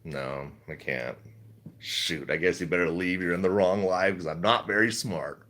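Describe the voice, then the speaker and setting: A man's voice: low voice, normal speed, fairly bright tone. A middle-aged man chatting casually on a livestream, reading chat, rambling and laughing often.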